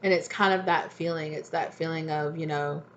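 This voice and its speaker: A woman's voice: low voice, steady tone, moderate pace, highs cut off, a little hiss or hum. A woman giving a casual, rambling tarot reading at home, full of fillers. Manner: chatty, rambling, many fillers. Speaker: tarot reader.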